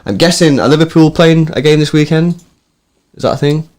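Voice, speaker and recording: A man hosting a fan phone-in show, chatting in a relaxed way. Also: a little high, fairly quick. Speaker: host. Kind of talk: casual phone-in chat.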